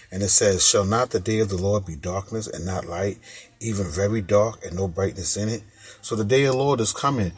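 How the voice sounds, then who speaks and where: A man's voice: fairly low pitch, slightly rough. A man preaching an informal sermon, reading scripture and repeating key phrases for emphasis in casual street speech. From United States.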